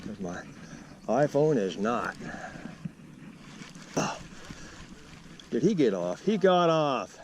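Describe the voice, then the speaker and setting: An older man talks slowly and playfully to a fish he has just landed, with whoops and a lively rise and fall in his voice. He is out on a small boat, picked up by a boat-mounted camera. Steady outdoor noise runs under everything. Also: medium pitch. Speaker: angler vlogger. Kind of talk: casual fishing vlog commentary. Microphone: boat-mounted camera mic.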